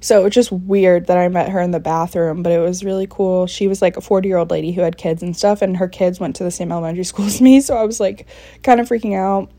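A woman in her early twenties hosting a podcast. She tells a story in a chatty, excitable way and fills her talk with lots of "like". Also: lowish voice, fast talker, dry recording. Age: early 20s. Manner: chatty, filler-heavy, excitable. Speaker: podcast host. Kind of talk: casual storytelling recap.

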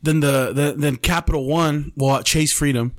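A man's voice: a little high, normal speed, no room sound. A man hosting a podcast who tells a story in casual chat, swearing freely and calling his listener bro. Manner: profane, slangy, animated storytelling. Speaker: podcast host.

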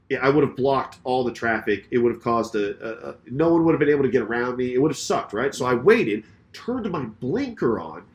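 A man on a casual podcast, spinning a heated anecdote with a lot of swearing. He quotes everyone in the story himself, in an animated, conversational rush. His voice sits in a middle register. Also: medium pitch. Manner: profane, animated retelling with acted quotes. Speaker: podcast co-host.

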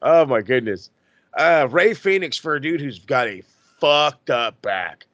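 A man's voice: mid-range voice, expressive, a little slow, a bit bright, no room sound, highs cut off. A man with an ordinary middle-range voice rants on a podcast, cursing freely and building up steam as he goes. The sound is dry and close, with no room around it. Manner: profane, fired-up ranting. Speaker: podcast host. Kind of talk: casual wrestling podcast rant.

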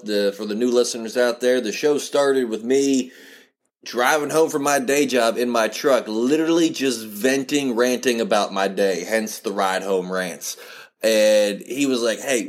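A man's voice: medium pitch, steady tone, unhurried. A man hosting a podcast in casual chat, laid-back, with stammered restarts and laughter as he tells stories. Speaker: podcast host.

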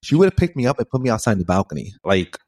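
A man's voice: lowish voice, sing-song, rapid-fire, a little mellow, husky, no room sound. A young man from a Puerto Rican family, co-hosting a podcast and telling a story in a laughing, casual way. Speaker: podcast co-host. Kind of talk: casual chat. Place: home, sitting face to face.

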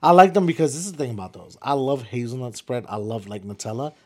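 A young man co-hosting a casual chat, animated and profane, ranting with mock voices. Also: medium pitch, fast talker.

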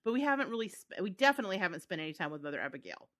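A woman co-hosting a podcast in a slightly low but bright, forceful voice. She talks in an easygoing way, loose and full of filler words. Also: sing-song, very fast. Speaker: podcast co-host. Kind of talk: casual chat about a TV adaptation.

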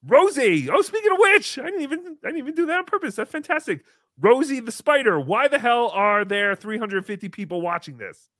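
A man plays a high, bright-toned, self-pitying showman, full of melodrama and swinging pitch. He refers to himself in the third person as if hosting his own sad little show. The sound is dry and close. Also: sing-song, fairly quick, no room sound, exaggerated voice. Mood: excitable. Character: silly, self-pitying, nasal-voiced male showman. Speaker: livestream show host. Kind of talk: comedic live-stream character bit.

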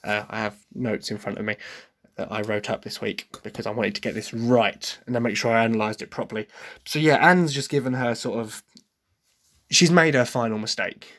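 A man's voice: on the low side, fairly quick, fairly bright tone. An English man hosting a podcast, talking through his opinions in a casual, hesitant way with many restarts. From England. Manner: chatty, hesitant, breaks into sung impressions. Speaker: podcast host reviewing a musical. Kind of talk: casual solo commentary.

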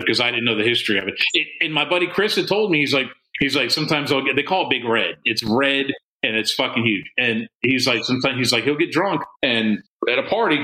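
A man telling a crude story on a podcast, swearing constantly and jumping into loud quoted voices. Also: mid-range voice. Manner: profane, animated, swings into loud quoted voices. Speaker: podcast co-host. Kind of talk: casual storytelling. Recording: roomy echo.

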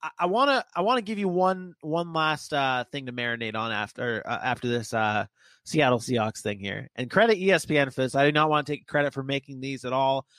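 A man hosting a casual sports podcast, animated and joking as he leads the talk. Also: mid-range voice, brisk, no echo. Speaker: podcast host.

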